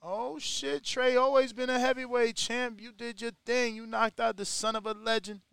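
A man hosting a casual podcast, talking with animated, slang-heavy, profane energy. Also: very high voice, moderate pace, creaky, clean tone, no room sound. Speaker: podcast host.

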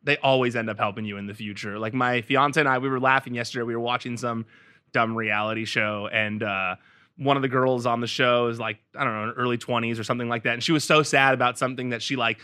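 Bright-voiced male podcast host. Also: mid-range voice, steady tone, clean tone. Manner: chatty, quick to laugh along. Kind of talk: casual interview chat.

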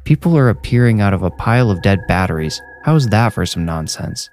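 A man's voice: on the low side, sing-song, brisk, a little mellow, faint music behind. A man voicing a timid, nervous young man who talks anxiously and hesitantly in a horror story.

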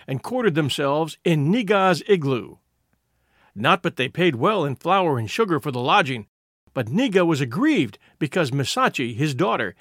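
Expressive male storyteller, dry close sound. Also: on the high side, no room sound. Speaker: narrator. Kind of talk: storytelling reading.

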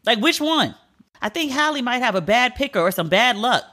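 Woman host, solo podcast, frank and opinionated, bright forward voice. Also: fairly high pitch, lively intonation, brisk. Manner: candid, opinionated, slangy. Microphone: podcast mic.

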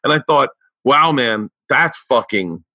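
A man hosting a podcast talks in loose, profane chat with a bright, forceful tone. He often trips over restarts. The sound is dry and close. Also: mid-range voice, animated, measured pace, no room sound. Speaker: podcast host. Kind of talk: casual chat.

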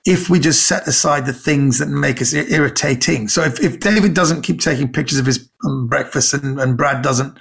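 A man's voice: medium pitch, moderate pace, creaky, hardly any pauses. A man, a comedian guest, telling stories in casual chat and acting out the people in them. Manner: animated storyteller acting out quoted people.

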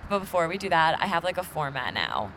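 A woman's voice: deep voice, big pitch swings, fast, over a noisy crowd. A young woman hosting a casual podcast on a plane, chatty and giggly with lots of fillers. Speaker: podcast host. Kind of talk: casual chat. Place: airplane cabin. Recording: noisy plane cabin, off-mic at times.

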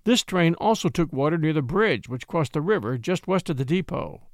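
A man narrating an old-fashioned story in a measured, expressive way. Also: a little high, dry recording, clean studio sound.

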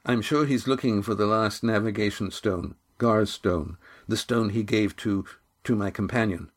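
A man's voice: fairly low pitch, moderate pace, natural voice. A man voicing a young seafaring grandson who speaks earnestly and declaims a proclamation.

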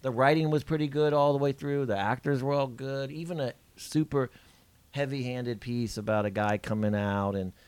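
A man co-hosting a comedy podcast, rambling and restarting as he chats. He has a mid-pitched voice, and the sound is close and dry. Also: a little mellow, smooth, no echo. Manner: rambling, restarts a lot, quick laughs. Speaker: podcast co-host. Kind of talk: casual chat.

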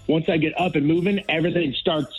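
A man's voice: on the high side, steady tone, fast, breathy edge, soft background music, rough recording. Sore post-surgery man telling stories on the phone. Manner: storytelling, quoting others, self-deprecating. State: sore and uncomfortable after surgery. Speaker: co-host recovering from surgery, on the phone. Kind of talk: casual radio chat.

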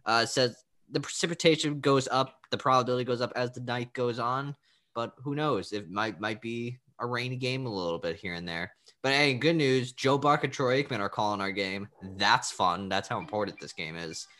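Bright-voiced man teasing on a sports podcast. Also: mid-range voice, moderate pace. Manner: upbeat and teasing. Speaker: podcast co-host. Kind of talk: casual sports chat. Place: home video call.

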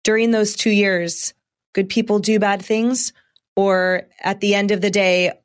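A woman interviewer asking measured, probing questions, with a few restarts. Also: medium pitch, fairly even intonation, smooth.

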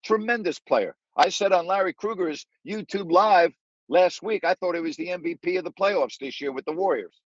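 A man's voice: high-pitched, moderate pace, no echo, lo-fi sound. A man hosting a live audio sports talk show, ranting in an indignant, repetitive, emphatic way. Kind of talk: angry sports talk monologue.

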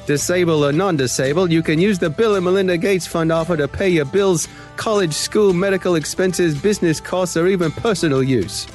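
A man voicing a pushy money-grant scammer in a deliberately bad Australian accent. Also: fairly high pitch, faint music behind, natural voice.

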